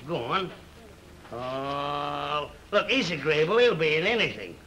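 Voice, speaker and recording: An actor playing a jolly, boastful comic king in a 1930s film comedy, chatty and excitable, with an Australian accent. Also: a little high, a little slow, low-quality recording. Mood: excited. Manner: chatty, excitable, bossy with cheeky asides. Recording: old film soundtrack with faint hiss.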